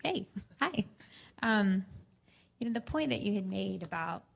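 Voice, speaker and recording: A woman in a church group sharing an earnest personal testimony, telling her story in an animated way. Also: medium pitch, a little slow, gravelly, slightly rough.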